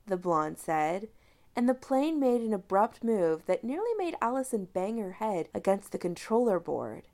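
A woman reading a fan story aloud with an expressive, lively delivery and a gravelly edge to her voice. Her pitch rises and falls freely as she narrates, in an even, mid-range voice. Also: normal speed. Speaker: podfic reader.

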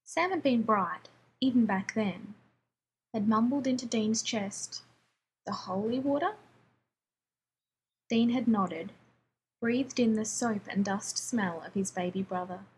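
A woman narrating a prose story aloud with a measured, even storytelling manner. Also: mid-range voice, a little hiss or hum, rough recording. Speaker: reader.

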